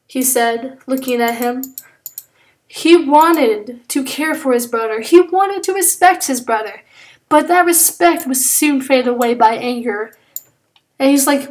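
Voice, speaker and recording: A woman with a fairly high voice tells a story off the cuff while she draws. She rambles, fills pauses with "uh", and keeps restarting her sentences as she goes. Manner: rambling, frequent fillers and self-corrections. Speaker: drawing channel creator. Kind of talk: casual improvised storytelling while drawing.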